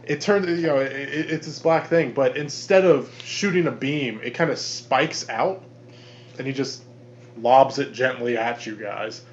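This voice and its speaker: A man narrating as game master for a tabletop game, describing monsters in a halting way with frequent restarts. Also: medium pitch. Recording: dull lo-fi podcast audio.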